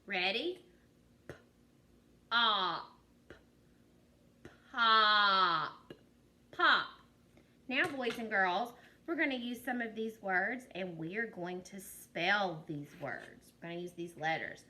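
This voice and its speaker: A kindergarten teacher gives a virtual phonics lesson to young children, patiently sounding out short words slowly and drawing them out, then praising the kids. Her medium-pitched voice is animated and bright, with a forceful tone.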